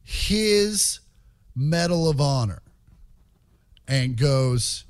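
A man, a stand-up comedian, telling road stories in a casual chat. He is profane and animated and acts out the quotes. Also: mid-range voice, slow pace, clean tone, no room sound.

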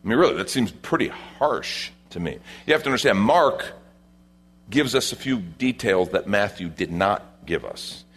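A man with a low, husky voice delivers a sermon as pastor. He keeps it conversational, stepping aside to talk straight to the congregation between readings. His tone stays rough and lower than most men's. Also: expressive, moderate pace, fairly bright tone.

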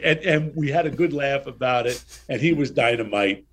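A man in his sixties tells stories as an interview guest. He has a middle-pitched voice and acts out what people said in a lively, chatty way. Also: normal speed, slightly rough. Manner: animated anecdotes, acts out dialogue. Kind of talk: casual storytelling interview.

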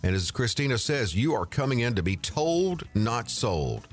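A man hosting a radio talk show in a lively, promotional way, bringing in a guest and reading out contact details. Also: mid-range voice, normal speed, faint music behind. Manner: lively, promotional, reads phone numbers.

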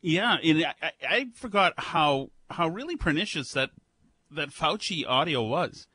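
A man's voice: a little high, animated, measured pace, pushed and bright, husky, no echo. A man speaking as a guest on a talk radio show, sarcastic and heated. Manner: sarcastic, heated political commentary.

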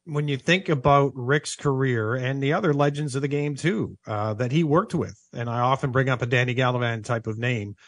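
Brief: male sports broadcaster, earnest and reflective, mid pitch, dry close mic. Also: moderate pace, hardly any pauses, no echo. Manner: thoughtful, earnest, repeats for emphasis. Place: office.

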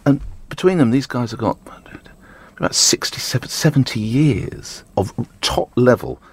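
A man's voice: medium pitch, animated, a little slow, breathy edge. A middle-aged man, a breakfast radio host, talking frankly and joking in a casual interview, with lots of restarts and the odd swear word.

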